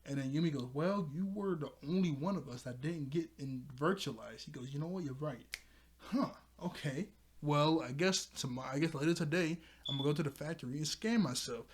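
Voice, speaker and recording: A man's voice: fairly high pitch, a little hiss or hum. Rambling young man recapping an episode. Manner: rambling, laughs often, acts out lines in quick bits. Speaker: show reviewer.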